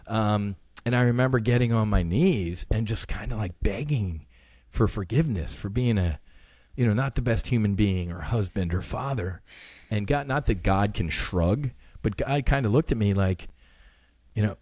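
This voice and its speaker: A man's voice: on the low side, expressive, moderate pace, darkish tone, no echo. A middle-aged man guest talking earnestly in a casual interview, swearing freely and acting out conversations.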